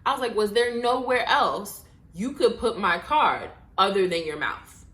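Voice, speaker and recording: Animated woman telling a story, bright tone. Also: mid-range voice, unhurried. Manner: animated, swearing, mock-exasperated asides. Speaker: podcast host. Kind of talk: casual storytelling monologue. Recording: echoey room.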